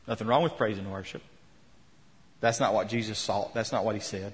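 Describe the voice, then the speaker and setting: A man's voice: fairly low pitch, fairly quick. A man preaching a sermon in a church, telling a story and retelling quotes with rising emphasis. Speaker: pastor. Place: church sanctuary. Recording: long hall reverb.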